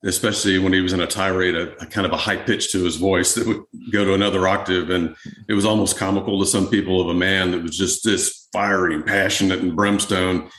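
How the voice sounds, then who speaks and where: Male guest historian, low voice, easygoing interview talk, echoey room. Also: fairly quick. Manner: relaxed, conversational, many fillers. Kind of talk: podcast interview answers.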